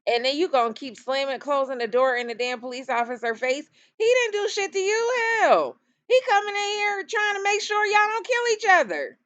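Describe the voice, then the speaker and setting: High-voiced sassy woman reacting. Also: animated, a little fast, few pauses, a bit bright. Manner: incredulous, sassy, exclamatory with bursts of laughter. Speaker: reaction commentator. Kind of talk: reaction commentary.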